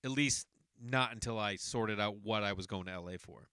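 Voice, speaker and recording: With a fairly low pitch and a moderate pace, this podcast host delivers a casual storytelling monologue about his own life, wandering and correcting himself along the way. He is a Boston-area man in his forties whose tone is bright, forceful and smooth. The clean studio recording has no room sound.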